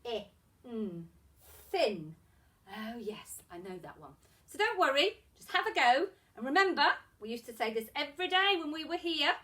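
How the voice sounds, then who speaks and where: High bright sing-song woman teacher. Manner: sing-song, encouraging instructions. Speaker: primary school teacher. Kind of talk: phonics lesson for young children.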